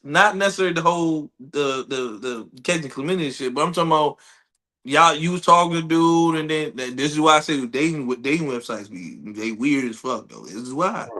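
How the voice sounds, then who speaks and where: A man podcast co-host, reacting in a laid-back, halting way with lots of restarts. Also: fairly high pitch, bright, forceful tone. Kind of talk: casual chat.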